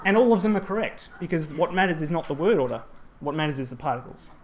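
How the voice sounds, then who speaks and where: A man's voice: on the high side, expressive, quick pace. A man presenting a talk on grammar at a conference, explaining step by step with frequent ums and restarts. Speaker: Japanese language presenter. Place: presentation hall.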